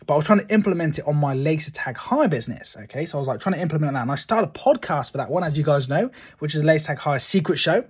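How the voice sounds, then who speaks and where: Husky man, rapid rambling host, lots of "like", slightly higher voice. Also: animated. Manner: rambling, fills talk with "like". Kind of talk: casual chat to camera. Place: room at home lined with books.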